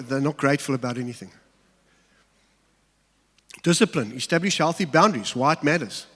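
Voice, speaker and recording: A middle-aged man delivers a sermon in a church hall. His voice sits a little on the high side and rings with long reverb. He tells stories with humor and acts out the voices in his asides. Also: a bit bright. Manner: humorous storytelling with acted-out asides. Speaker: pastor.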